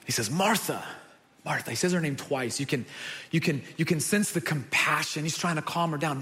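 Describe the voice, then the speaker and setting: A man preaching a sermon, telling stories with animated delivery and acting out the people he quotes. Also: fairly high pitch, a little fast. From United States. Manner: animated storytelling, acts out quoted voices. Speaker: pastor.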